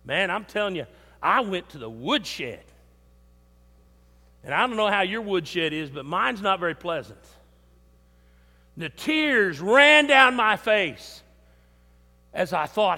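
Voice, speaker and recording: An older man preaching a sermon in a church, emphatic, with swings between loud and soft. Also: sits high, very animated, takes it slowly, long pauses. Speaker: pastor. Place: church sanctuary. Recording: long hall reverb.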